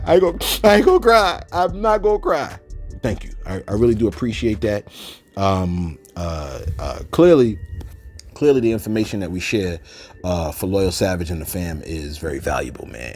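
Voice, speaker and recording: A man with hosts a loose livestream chat, answering viewers and slipping into prayer and scripture. His pitch swings lively up and down as he talks. Faint music plays underneath. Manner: loose and animated, prays and preaches with scripture. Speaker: host of a celebrity news channel. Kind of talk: casual livestream chat reading comments.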